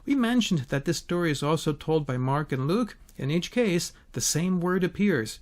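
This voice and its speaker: Lively man teaching a Bible story. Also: on the high side, moderate pace. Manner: expressive storytelling with rhetorical questions.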